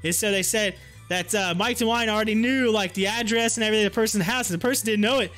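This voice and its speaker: Man, very high voice, bright and forceful, rambling livestream host, giggly, lots of fillers. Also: fast talker, faint music behind. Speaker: stock market livestream host. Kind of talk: casual livestream chat.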